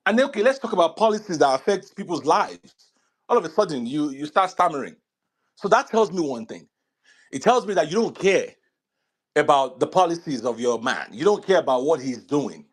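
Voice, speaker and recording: A man's voice: on the high side, sing-song, a little fast, slightly rough. A man from Nigeria arguing politics in an online audio discussion, emphatic and repeating his phrases for weight. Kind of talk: heated political debate.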